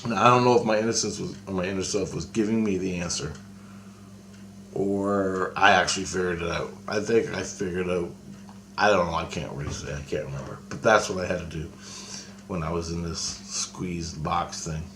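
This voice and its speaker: Low-voiced man telling a rambling story. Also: fairly even intonation, a bit bright, a little hiss or hum. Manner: rambling and halting, with frequent restarts and casual swearing. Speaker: storyteller recounting a personal experience. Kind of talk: casual spoken anecdote.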